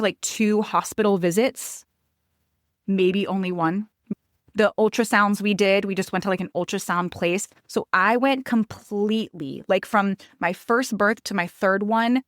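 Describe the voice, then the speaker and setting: Woman, thirties, podcast host; candid storyteller who acts out dialogue, mid-pitched, dry close sound. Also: unhurried, dry recording. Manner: animated, acts out quotes with raised pitch; candid, conversational. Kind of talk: personal storytelling monologue.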